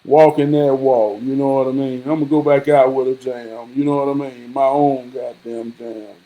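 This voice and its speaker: A man's voice: medium pitch, flat delivery, moderate pace, dark tone. A man casually telling a story to his viewers in a rambling, repetitive and profane way, slipping into preachy advice. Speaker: vlogger.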